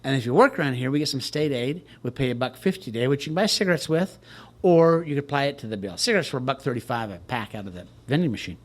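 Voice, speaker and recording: A man's voice: mid-range voice, lively intonation, fast talker. Wry man telling his story. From Texas, USA. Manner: wry, joking storyteller who laughs at himself. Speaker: recovery speaker at a retreat. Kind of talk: personal recovery story told to a crowd.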